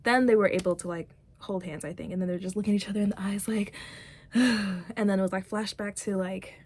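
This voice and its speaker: A woman's voice: mid-range voice, a little mellow. Rambling woman vlogger, casual chat. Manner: rambling, many fillers, acts out quotes.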